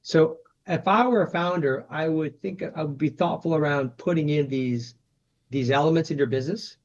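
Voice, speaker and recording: A man's voice: on the high side, moderate pace. Chatty man, slightly muffled recording. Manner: conversational, frequent "you know" and "right?" tags. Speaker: private equity managing director, guest. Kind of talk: casual interview talk.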